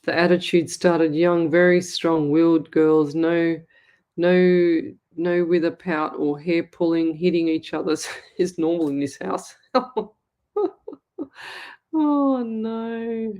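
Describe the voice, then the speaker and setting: A middle-aged Australian woman hosting a live psychic show, chatting and reading viewer comments aloud in a warm, chatty way. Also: lowish voice, slow pace. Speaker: psychic medium show host.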